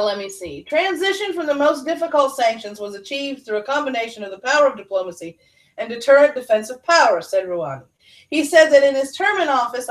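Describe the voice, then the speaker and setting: Woman, higher voice, casual news livestream, reads headlines with sarcastic comments, sits a little back from the mic. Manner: reads articles aloud with sarcastic asides and chat replies. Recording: voice a bit far from the mic.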